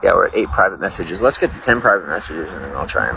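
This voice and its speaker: A man with a fairly low voice chats loosely on a live stream, rambling between thoughts and calling out viewers by name. There's a steady noisy hiss behind him. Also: fast talker, gravelly. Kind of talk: casual live-stream chat. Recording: noisy background.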